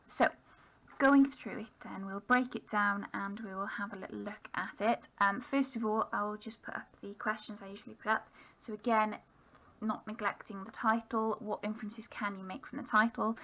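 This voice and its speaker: Creaky-voiced woman teaching. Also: mid-range voice, low-quality recording. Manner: relaxed, with many ums and self-corrections. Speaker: English teacher. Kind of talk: recorded lesson voice-over.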